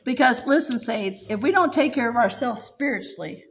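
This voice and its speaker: A woman's voice: on the high side, lively intonation, normal speed, creaky, rough recording. An older American woman preaching, giving an emotional testimony and often laughing as she speaks. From United States. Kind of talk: heartfelt sermon testimony.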